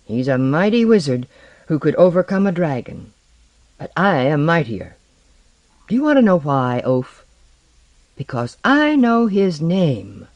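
A man's voice: a little high, very animated, unhurried, pauses often, a little mellow, no echo, muffled recording. A man voicing an arrogant, boastful sorcerer sea lord in a story reading, taunting, proud and commanding. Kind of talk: audiobook reading.

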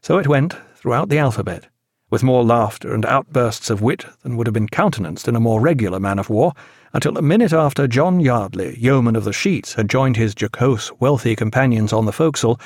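A man narrating an audiobook in a measured, even storytelling manner, recorded on a close studio mic. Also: medium pitch, no echo. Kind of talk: scripted narration.

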